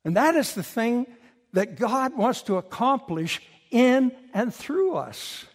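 A man preaching a sermon, an animated storyteller who mocks himself with humor and bursts into loud emphasis. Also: sits high. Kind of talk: sermon with personal stories. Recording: long hall reverb.

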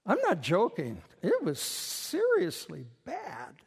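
A man preaching a sermon, an animated storyteller who mocks himself with humor and bursts into loud emphasis. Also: sits high, slow, vocal fry, slightly rough. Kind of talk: sermon with personal stories. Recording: long hall reverb.

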